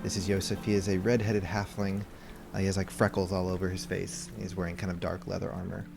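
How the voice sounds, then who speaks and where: Low-voiced man narrating a tabletop game. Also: quick pace, creaky. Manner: relaxed, with many fillers. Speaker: game master. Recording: music playing behind.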